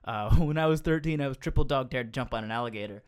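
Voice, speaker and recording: A man co-hosting a comedy podcast in casual chat, rambling and quick to joke. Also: mid-range voice, smooth.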